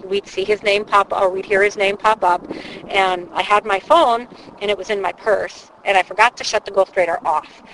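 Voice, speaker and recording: A woman explaining paranormal investigation in a chatty, animated way, talking outdoors by a channel. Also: mid-range voice, moderate pace, a little hiss or hum, low-quality recording. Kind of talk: casual explanatory chat.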